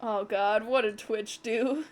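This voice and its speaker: Giggly high-voiced woman streamer. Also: steady tone, takes it slowly. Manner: giggly, rambling, swears casually. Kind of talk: casual chat over gameplay.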